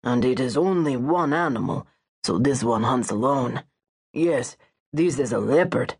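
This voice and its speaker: A woman reading an audiobook, voicing a calm, knowing African safari tracker who speaks slowly and deliberately. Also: mid-range voice, vocal fry, husky, voice pushed down, exaggerated voice.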